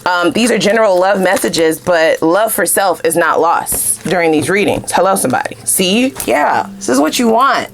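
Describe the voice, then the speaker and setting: Lower-pitched woman giving a blunt, chatty tarot reading. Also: animated, moderate pace, vocal fry, few pauses, a little hiss or hum. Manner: chatty, blunt and profane, with frequent "you know what I'm saying"; swings up into loud high exclamations. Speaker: tarot card reader. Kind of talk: casual tarot reading chat.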